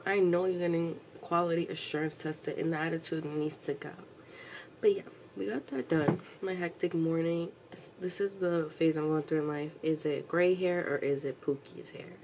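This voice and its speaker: Young woman, low fry-heavy voice, casual slangy vlogger with a loose mouth, faint hiss behind her. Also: a little mellow. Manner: chatty, slangy, swears freely, talks to her pet. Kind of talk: casual chat to camera. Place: at home, indoors.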